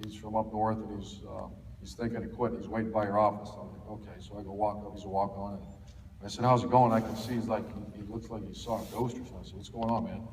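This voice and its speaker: A man's voice: on the low side, level tone, fast, darkish tone, recorded from a distance, slight background noise. A middle-aged man from Ohio, a football coach telling folksy stories to a clinic audience, with lots of fillers and restarts. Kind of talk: storytelling talk to an audience. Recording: echoey hall, faint ambience.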